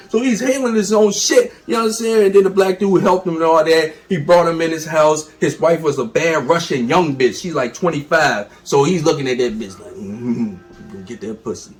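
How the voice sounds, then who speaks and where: A man co-hosting a podcast, telling a movie plot in loose, slangy, emphatic talk. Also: fairly high pitch. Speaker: podcast co-host. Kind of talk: casual profane chat, retelling a movie.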